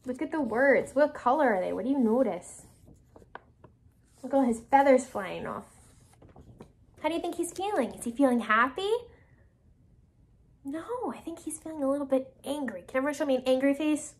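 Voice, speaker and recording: A woman's voice: sits high, animated, normal speed, pauses often. A woman teacher reading a picture book aloud to children, asking them questions and encouraging answers.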